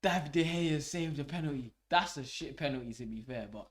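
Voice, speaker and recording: A young man hosting a live football watch-along, swearing and shouting at the match as it unfolds. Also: on the high side, a little fast. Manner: swearing, excitable, shouts at the game. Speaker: fan channel host.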